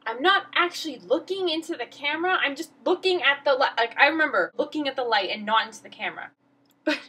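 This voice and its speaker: A woman's voice: on the high side, pushed and bright, husky, low-quality recording. A teenage girl vlogging, telling a story in a rambling, flustered, self-mocking way. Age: teens. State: emotional. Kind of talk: casual storytelling vlog.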